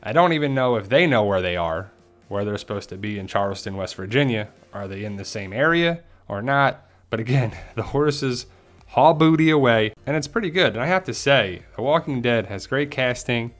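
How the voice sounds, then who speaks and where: A man at a mid pitch chats through a casual episode recap and theory breakdown. He talks loosely and animatedly, and he drops into the characters' lines as he goes. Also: moderate pace, soft background music. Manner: chatty, animated, acts out quotes. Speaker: TV show commentator.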